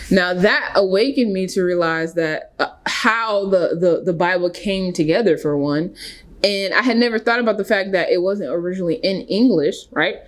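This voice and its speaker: A woman talks casually to camera about her own life. Her delivery is animated, leaping up in pitch for emphasis. She keeps checking in with her listeners as she goes. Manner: animated, with sudden pitch jumps and frequent "right?" and "okay?". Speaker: spiritual vlogger. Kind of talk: casual personal storytelling.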